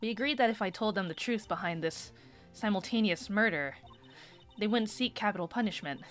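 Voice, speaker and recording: A woman voicing a calm, composed older sister who speaks in a measured, formal way. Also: medium pitch, soft background music, voice pushed up, lightly acted.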